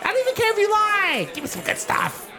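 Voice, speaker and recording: Gilly, a pushy high-voiced gnome , as a game master puts him on. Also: wildly swooping pitch, a loud crowd, exaggerated voice. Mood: eager. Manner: high, fast, gushing, repeats 'yeah, yeah'. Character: excitable male gnome bartender, scheming and pushy.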